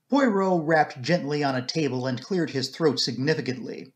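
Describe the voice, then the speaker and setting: A man narrating an audiobook in a measured, even reading. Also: mid-range voice.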